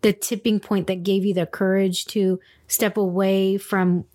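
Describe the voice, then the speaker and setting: A woman's voice: mid-range voice, level tone, unhurried, mellow. A woman hosting a podcast in a casual chat, asking long, rambling questions. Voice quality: chatty, friendly, asks long rambling questions. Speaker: podcast host.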